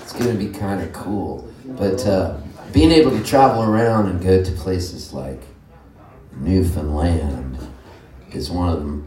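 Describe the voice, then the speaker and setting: A Canadian-born singer-songwriter chatting and telling jokes to a live audience between songs. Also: male voice, low-pitched, big pitch swings, normal speed, hardly any pauses, darkish tone, a faint crowd. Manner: joking, chatty storyteller. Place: live music venue. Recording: roomy live room, distant mic, guitar under speech.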